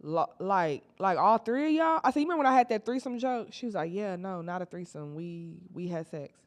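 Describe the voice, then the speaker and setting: A young woman telling a casual storytime, slangy and animated, acting out her friends' lines. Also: medium pitch, a little fast. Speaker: storytime vlogger.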